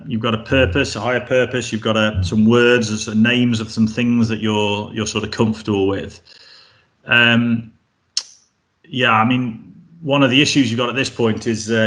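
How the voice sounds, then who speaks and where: A man's voice: medium pitch, fairly bright tone. Man speaking casually in an echoey room. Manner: conversational, frequent fillers and restarts. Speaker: presenter. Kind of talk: webinar presentation. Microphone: video call. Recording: roomy echo.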